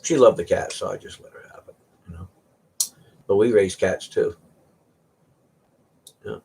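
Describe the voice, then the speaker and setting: A man's voice: low voice, unhurried, gravelly, a little mellow, breathy edge. A man hosting a casual chat, rambling through stories about his cats and sometimes mimicking their meows. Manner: rambling storyteller, imitates cats meowing. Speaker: host.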